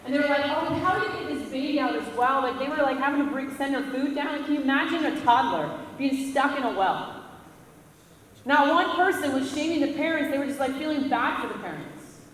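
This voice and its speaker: A woman's voice: high-pitched, fairly quick, a bit bright, slight background noise. A woman giving a casual, direct talk to a crowd of students, often asking them questions. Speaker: school presenter. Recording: echoey hall from far off.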